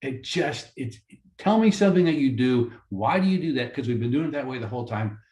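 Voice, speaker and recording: Animated man ranting in a roomy echo. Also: medium pitch, fairly quick. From Florida. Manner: animated, ranting, conversational with rhetorical questions. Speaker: mediator and lawyer. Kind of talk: lecture-style talk for course credit.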